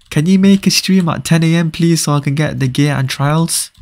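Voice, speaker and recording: A man's voice: fairly high pitch, moderate pace, darkish tone. A young man chatting casually with viewers during a live game stream, often repeating short phrases.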